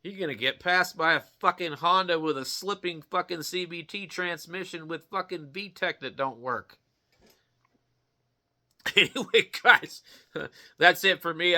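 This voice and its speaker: Profane ranting man, bright tense voice. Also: a little high. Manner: swearing, animated, mocking. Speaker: vlogger. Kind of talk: profane casual rant to camera.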